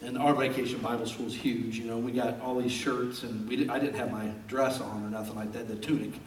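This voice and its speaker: A man preaching a sermon as a pastor, an animated storyteller who jokes as he talks, recorded in a church sanctuary. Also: medium pitch, fairly quick, a little hiss or hum. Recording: roomy and distant from the mic.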